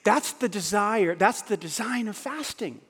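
A man's voice: sits high, animated, unhurried, a bit bright, husky. A male pastor preaching a sermon, firing rhetorical questions at his congregation. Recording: long hall reverb.

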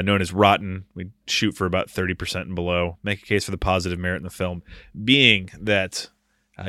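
Bright, crisp-voiced male podcast host. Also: lowish voice, no room sound, studio quality. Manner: rambling, filler-heavy delivery. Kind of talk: casual podcast chat.

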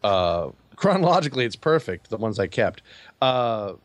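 Low-voiced man, halting storyteller. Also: sing-song, no room sound. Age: 40s. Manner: halting, self-correcting storyteller. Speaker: podcast co-host. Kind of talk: casual chat.

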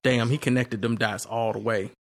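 A man's voice: medium pitch, steady tone, moderate pace, gravelly. A man giving casual, laughing movie reaction commentary, swearing and bantering with friends.

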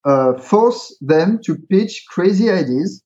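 Man, slightly higher voice, hesitant with fillers, dull lo-fi recording. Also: expressive, takes it slowly, mellow. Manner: hesitant, many fillers and restarts, explains with examples. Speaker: guest, creator of a pitching card game. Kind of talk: casual interview talk. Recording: dull, lo-fi sound.

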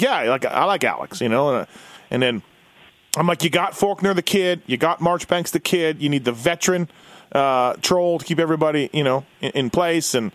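A man's voice: fairly high pitch, a bit bright, no echo. A man co-hosting a casual motorsports podcast, telling a long rambling story and acting out what people said. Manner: rambling storyteller, acts out quotes. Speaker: podcast co-host. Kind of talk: casual chat.

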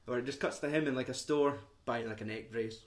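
A man's voice: medium pitch, fairly quick. Young guy, casual film chat with his mates, swears loads, middling voice. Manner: swearing, animated retelling with put-on quotes.

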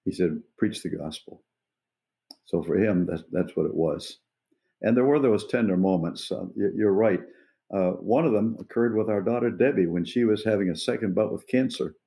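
A man in his eighties, an evangelist being interviewed, telling personal stories in an earnest, unhurried way and pausing to find his words. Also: on the low side, warm tone. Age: 80s. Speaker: evangelist guest. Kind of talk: reflective personal storytelling.

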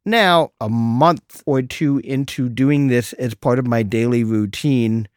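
A middle-aged man hosting a solo podcast, telling a story in a wry, deadpan way with mock exasperation. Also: mid-range voice, slow pace, clear, resonant tone, no echo, clean studio sound. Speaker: podcast host.

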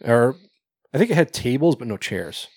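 A man's voice: mid-range voice, sing-song, moderate pace, a little mellow, breathy edge, no echo, studio quality. A man co-hosting a podcast, recapping a horror movie in casual chat, rambling, swearing and laughing often. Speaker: podcast co-host.

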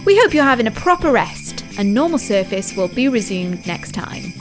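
A woman's voice: fairly high pitch, sing-song, moderate pace, over music. A woman co-hosting a podcast, chatting playfully and then reading a closing outro. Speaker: podcast co-host. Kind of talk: casual chat and scripted outro.

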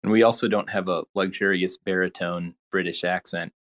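A man's voice: low-pitched, steady tone, moderate pace. A man talking hesitantly and wryly in casual chat on a group voice call.

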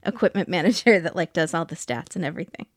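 A woman's voice: fairly low pitch, fast talker, no echo, studio quality. Giggly woman retelling funny bits. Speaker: podcast co-host. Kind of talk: casual podcast chat.

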